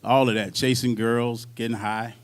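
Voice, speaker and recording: Brief: male drummer, panel storyteller, loose and animated. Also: medium pitch, moderate pace. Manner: lively anecdotes, laughs, acts out voices. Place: university symposium.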